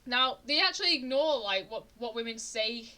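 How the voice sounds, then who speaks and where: A woman's voice: on the high side, animated, normal speed, pushed and bright. A young adult woman streamer telling a true-crime story in a casual, chatty way, often indignant and restarting her sentences. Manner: chatty, indignant, with frequent restarts and rising emphasis.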